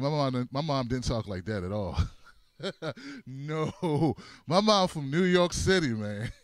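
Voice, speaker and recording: A man hosting a comedic political commentary show, animated, repeating his phrases and laughing often. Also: medium pitch, slow, dry recording, clean studio sound. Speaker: host.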